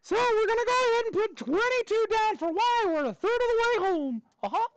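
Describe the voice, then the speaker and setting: A cheerful, squeaky cartoon mouse in class, high and bright in falsetto. He bounces upbeat through the lesson with lively swoops of pitch. The sound is close and dry. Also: brisk, dry recording, dull audio. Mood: cheery. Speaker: math teacher.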